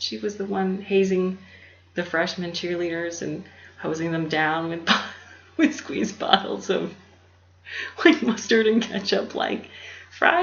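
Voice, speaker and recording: A woman hosting her own channel, rambling in a soft, half-whispered, meandering way and laughing often, recorded on a laptop. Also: on the low side, vocal fry. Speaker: YouTube channel host. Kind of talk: rambling casual monologue. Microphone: laptop mic. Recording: roomy, dull lo-fi with faint hum.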